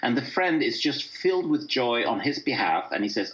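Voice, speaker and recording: Halting man with a dull lo-fi sound. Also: medium pitch, very animated, fairly bright tone. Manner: halting, many fillers and restarts. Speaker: guest. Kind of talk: casual discussion.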